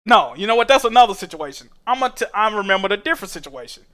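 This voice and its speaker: A young man streaming a game, telling stories in animated, profane slang. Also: sits high, racing. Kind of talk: casual chat while gaming.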